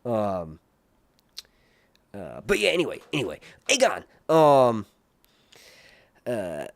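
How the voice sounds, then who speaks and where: A man's voice: on the low side, wildly swooping pitch, takes it slowly, gravelly, no echo. A man hosting a casual live stream about a TV show, rambling and joking crudely off topic. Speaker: host of a TV show review stream.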